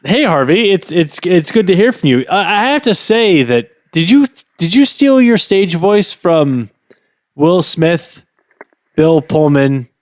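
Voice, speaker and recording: A man co-hosts a comedy podcast, fielding strange calls with bewildered questions. His voice sits a bit high and swings widely in pitch. The sound is close and dry. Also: sing-song, dry recording. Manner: bewildered, questioning, quick asides. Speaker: podcast co-host.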